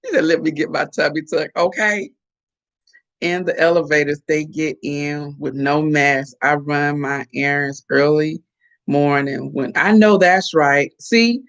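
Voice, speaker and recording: A middle-aged woman hosting a casual live chat, animated and chatty as she reacts to viewer comments. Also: deep voice, slow. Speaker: host.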